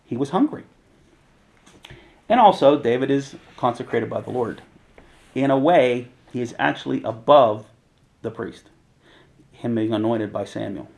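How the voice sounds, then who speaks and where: Gravelly guy doing a laid-back bible study, reads verses then explains them like he's just chatting. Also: mid-range voice, a little mellow, poor audio. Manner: conversational, reads scripture aloud and paraphrases in slang. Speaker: preacher. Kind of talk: casual Bible teaching.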